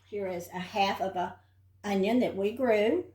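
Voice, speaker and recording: An older woman from Texas, serving as home cook and host, leads a homey, chatty house tour and cooking demo. Her medium-pitched voice is a little slow and a little mellow, with slight background noise and a roomy, off-mic sound.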